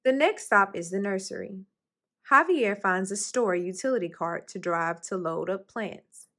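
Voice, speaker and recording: A woman reads a children's picture book aloud at a storytime session. Her voice sits at a middle pitch and stays steady through the narration. She lifts it brightly whenever a character speaks. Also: a little slow. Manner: expressive, lifts her voice high for the characters' lines. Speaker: storytime reader.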